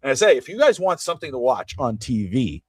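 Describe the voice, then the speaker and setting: A man hosting a sports podcast in casual chat, rambling and animated as he drifts into side comments. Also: medium pitch, quick pace, breathy edge, no room sound, studio quality. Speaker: podcast host.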